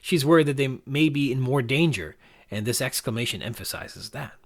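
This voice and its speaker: A man hosting a podcast, talking through a novel's punctuation in a measured, reflective, analytical way. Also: mid-range voice, lively intonation. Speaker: podcast host.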